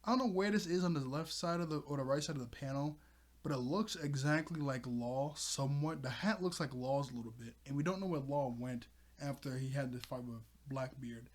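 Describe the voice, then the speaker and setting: A man's voice: medium pitch, a little fast. A man giving a casual, rambling recap of a manga chapter, chuckling as he goes. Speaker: manga reviewer.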